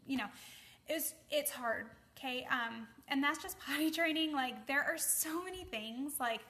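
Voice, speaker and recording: A woman's voice: high voice, bright, forceful tone. A young woman, a mom, giving casual advice to the camera, chatty with lots of ums and a habit of asking "okay?". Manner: chatty, many fillers, keeps asking okay.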